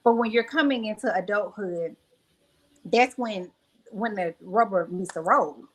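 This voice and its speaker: A woman's voice: mid-range voice, unhurried, poor audio. A young adult woman speaking candidly as a podcast guest, telling reflective personal stories with many fillers. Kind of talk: podcast interview.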